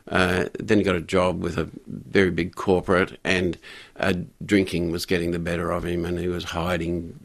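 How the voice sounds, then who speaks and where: An older man speaks in a very low, gravelly voice during a radio interview. He tells his story haltingly, stopping and restarting often, and chuckling now and then. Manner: halting, many restarts and fillers, chuckles while telling. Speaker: guest, community pastor.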